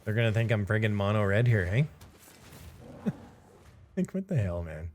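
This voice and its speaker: A man's voice: fairly low pitch, sing-song, normal speed, darkish tone, a little hiss or hum. A man commenting casually on his own card game, sarcastic and exasperated, laughing in disbelief. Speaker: streamer playing a card game.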